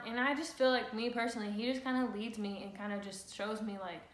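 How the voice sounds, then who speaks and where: A woman's voice: a little high, fairly even intonation, quick pace. A woman co-hosting a casual talk on the Bible, chatty and full of fillers and restarts. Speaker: co-host. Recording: echoey room.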